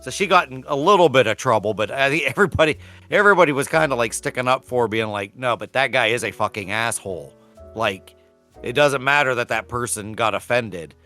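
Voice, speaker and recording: A man co-hosting a podcast, telling relaxed stories from work and home, laughing often and swearing casually. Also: medium pitch, brisk, soft background music. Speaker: podcast co-host. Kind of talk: casual chat.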